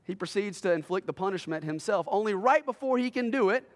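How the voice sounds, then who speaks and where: A man preaching a sermon as a pastor, telling a story dramatically and swinging between loud bursts and hushed lines. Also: sits high, lively intonation, fairly quick, hardly any pauses, in a large hall. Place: church sanctuary.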